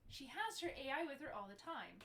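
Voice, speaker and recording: A woman with a high, bouncing voice plays her character in a tabletop game, firing off eager questions. Her pitch leaps around as she talks, and a clear noise runs under the recording. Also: sing-song, brisk, echoey room. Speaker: player. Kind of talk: casual tabletop role-play.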